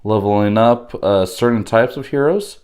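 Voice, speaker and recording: A man with a fairly low voice, a little hoarse yet still smooth and resonant underneath. He walks through an unboxing in an unhurried, halting way, with frequent pauses and fillers. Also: darkish tone. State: slightly hoarse from losing his voice. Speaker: board game unboxing host. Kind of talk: casual unboxing walkthrough.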